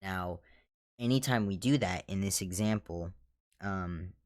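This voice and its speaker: A deep, low-pitched man tells stories from his hotel housekeeping job in a casual storytime vlog. He is blunt and sarcastic and swears freely. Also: unhurried, darkish tone.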